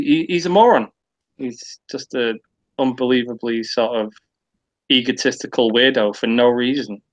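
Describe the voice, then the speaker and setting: Dull audio captures a man's mid-range, fairly bright voice. Appearing as a guest on a casual online stream, he goes on long rants loaded with profanity and fillers.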